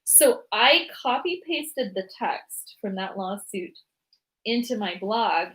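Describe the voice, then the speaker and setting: A woman's voice: medium pitch, fairly bright tone. A woman hosting a livestream in casual chat, rambling and joking as she jumps from topic to topic. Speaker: livestream host.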